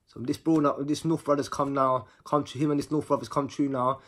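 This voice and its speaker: A man telling a personal story in a casual monologue. He talks in an animated way, full of slang, and repeats words for rhythm. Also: medium pitch, fairly quick.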